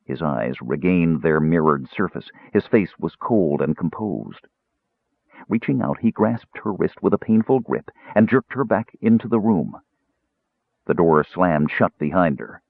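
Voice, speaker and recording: A man narrating a fantasy novel as an audiobook with an expressive, dramatic reading. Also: low-pitched, unhurried, slightly rough, no echo. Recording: tinny phone-like audio.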